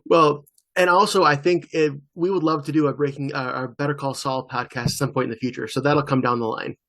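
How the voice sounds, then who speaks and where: Man, podcast co-host, relaxed joking chat, a bit high voice, video call. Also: a little fast. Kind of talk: casual chat.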